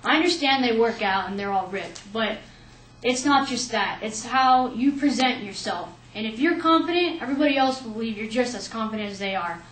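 A young woman telling a personal story in an animated way, acting out what people said. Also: a little high, a little fast, far from the mic, a little hiss or hum. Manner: lively, animated retelling with quoted asides. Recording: echoey room, faint ambience.

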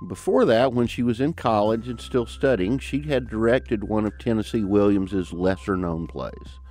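A man's voice: fairly low pitch, moderate pace, a little mellow. A man in his fifties with a Southern mountain twang, hosting and narrating a podcast in a storytelling way. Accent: Southern American mountain twang. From American South. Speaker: podcast host. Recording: dry studio voice with music underneath.

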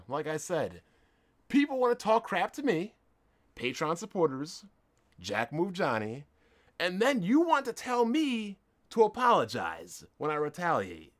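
A man hosting a podcast, delivering a confrontational, indignant monologue with emphatic swings in loudness. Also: a little high. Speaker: podcast host. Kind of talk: ranting monologue.

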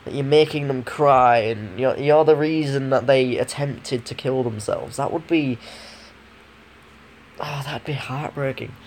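A man's voice: mid-range voice, unhurried, a little hiss or hum. A young man with a stuffy nose from a cold, casually commenting on a horror game, sarcastic and swearing freely. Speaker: gaming YouTuber.

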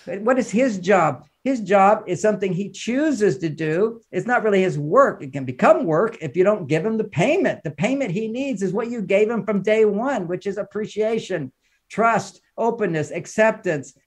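A man, a relationship author and counselor, talking as a podcast guest in an emphatic, teacherly way, often laughing as he speaks. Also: high voice. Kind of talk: podcast conversation, advice and explaining.

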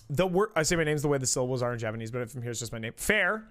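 A man's voice: medium pitch, animated, very fast, hardly any pauses, fairly bright tone. A man streaming live, chatting casually in a rambling, profane way that keeps cutting itself off and restarting. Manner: rambling, profane, self-interrupting.

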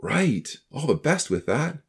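A man's voice: fairly high pitch, big pitch swings, slow pace, husky, exaggerated voice. A man voicing an earnest, slightly awkward teenage boy in a storybook reading. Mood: friendly. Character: earnest teenage boy, newly baptized, eager to encourage.

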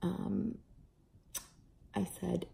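A young adult mother casually telling a family story to camera, animated, acting out voices now and then. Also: lowish voice, extremely slow, gravelly, slight background noise. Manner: animated, acts out kids' and own voices. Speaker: parent vlogger.

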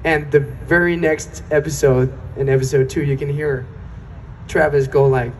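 Animated man telling a panel story. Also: on the high side, normal speed, distant mic, slight background noise, rough recording. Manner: animated, slips into impressions. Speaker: convention panel guest. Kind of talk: casual storytelling on stage. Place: convention panel stage.

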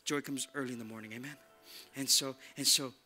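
A man's voice: mid-range voice, steady tone, brisk, sharp tone, faint music behind. A male pastor preaching a sermon in a casual, slangy, emphatic way, often repeating "look" to drive a point home. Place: church.

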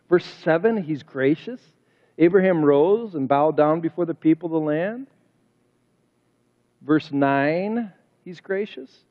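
Unhurried and pausing often, this male pastor preaches in a slightly high, expressive voice, pressing his points emphatically and posing rhetorical questions one after another. The sound comes from a church sanctuary: echoing, dull, and lo-fi.

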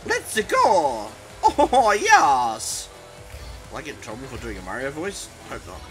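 A man giving excitable, self-mocking commentary over his own gameplay, exclaiming and groaning as it goes. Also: medium pitch, moderate pace, soft background music. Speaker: gaming commentator.

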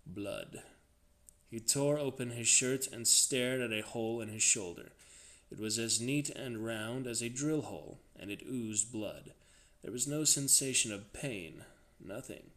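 A man reading a novel aloud, dramatic and expressive, shifting his delivery with the action. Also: medium pitch. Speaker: reader.

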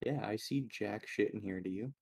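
Mellow-voiced young guy explaining game rules. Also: fairly low pitch, moderate pace, vocal fry, husky, no echo. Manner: explains rules, laughs and swears easily. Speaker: guest gamer. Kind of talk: casual gaming chat.

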